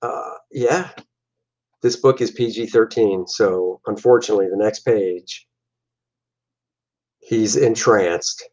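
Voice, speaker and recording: A man's voice: on the low side, slow, long pauses, a little mellow. A man, a comic artist and host, casually talking through his own artwork in a loose, jokey, rambling way. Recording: dull lo-fi recording.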